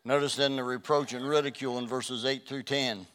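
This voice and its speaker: A man preaching a sermon as a pastor, passionate and swinging between loud and hushed delivery. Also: mid-range voice, steady tone, fairly quick.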